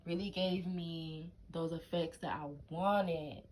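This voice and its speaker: A woman's voice: lowish voice, steady tone, slow, a little mellow. A bubbly young woman chats casually to her viewers, rambling and piling on fillers as she shows off her homemade clothes. Her throat sounds a little scratchy. She is set back from the phone mic, so her voice comes across slightly distant. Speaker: fashion vlogger. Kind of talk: casual DIY fashion vlog.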